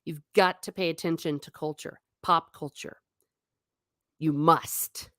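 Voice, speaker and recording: A woman's voice: sits low, fairly even intonation, a little slow, fairly bright tone, dry recording, clean studio sound. A middle-aged woman hosting a casual live stream, chatting and reading viewer comments aloud. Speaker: host.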